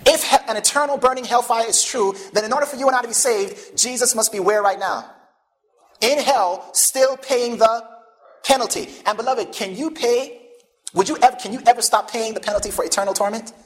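A man preaching a sermon, pausing often to ask the congregation questions and leading them toward each answer. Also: very high voice. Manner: call-and-response questions to the congregation; animated, emphatic preaching.

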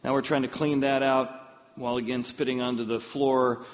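A man's voice: medium pitch, moderate pace. Guy preaching a sermon, big hall echo, kinda muffled sound, tells stories and acts out quotes. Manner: animated storyteller who acts out quotes. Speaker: pastor. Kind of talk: sermon storytelling.

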